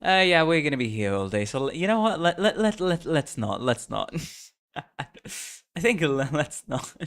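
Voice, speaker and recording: A man's voice: a little high, sing-song, moderate pace, fairly bright tone. A man streaming a story game, chatting casually in a playful, self-mocking way and laughing often. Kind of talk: casual live-stream chat while reading a game story.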